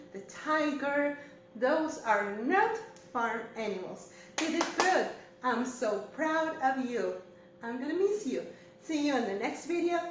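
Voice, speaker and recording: Slow, lively Spanish-accented kindergarten teacher. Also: female voice, high-pitched, reverberant, slight background noise. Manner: slow, sing-song, encouraging teacher talk. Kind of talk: recorded online lesson for young children.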